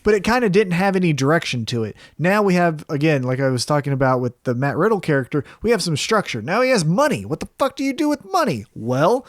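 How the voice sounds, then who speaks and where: A man's voice: on the high side, sing-song, fast, hardly any pauses, dry recording, clean studio sound. A man co-hosting a wrestling podcast, laid-back and profane as he breaks down storylines. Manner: laid-back, swears, thinks out loud. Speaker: podcast co-host. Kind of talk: casual wrestling analysis chat.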